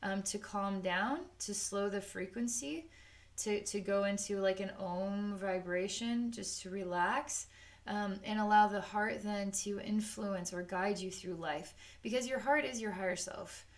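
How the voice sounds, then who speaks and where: A woman's voice: mid-range voice, measured pace. Rambling woman giving a psychic reading. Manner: rambling and unscripted, with many "um"s and "like"s; acts out the chakras in quoted asides. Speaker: psychic reader. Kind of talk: spoken energy-healing session.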